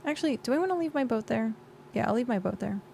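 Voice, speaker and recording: Gravelly-voiced woman streamer chatting. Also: fairly high pitch, expressive, fast, darkish tone, a little hiss or hum. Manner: chatty and rambling, with frequent fillers. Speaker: game streamer. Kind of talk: casual livestream chat.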